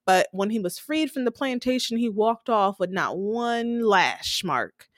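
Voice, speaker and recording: A young woman co-hosting a casual recap podcast, retelling scenes with lively acted-out quotes. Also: mid-range voice, a little slow, dry recording, studio quality. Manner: animated retelling, acting out characters' lines. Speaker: podcast co-host.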